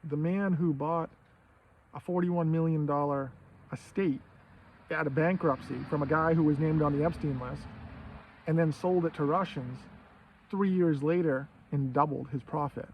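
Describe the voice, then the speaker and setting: Gravelly fifty-something man ranting. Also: fairly high pitch, steady tone, normal speed, a little hiss or hum. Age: 50s. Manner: profane, rambling, rhetorical questions. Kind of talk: casual ranting monologue. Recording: dull lo-fi sound.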